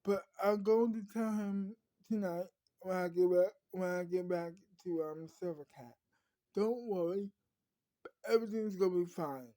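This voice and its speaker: A woman voicing Jackie, a calm woman who soothes others and repeats her reassurances. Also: lowish voice, measured pace, dry recording, close to an everyday voice. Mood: reassuring.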